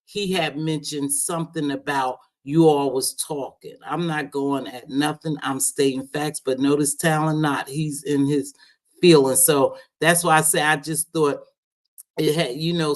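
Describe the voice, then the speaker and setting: A woman's voice: low-pitched, fairly even intonation, moderate pace. Brief: middle-aged woman, live stream host, loose chatty talk, calls folks baby and sweetheart. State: unwell after medication. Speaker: livestream host. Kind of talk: casual live chat.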